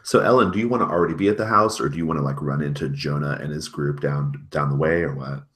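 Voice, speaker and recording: A man's voice: a bass voice, fast, fairly bright tone. A man narrating a tabletop role-playing game as its game master, rambling with many fillers.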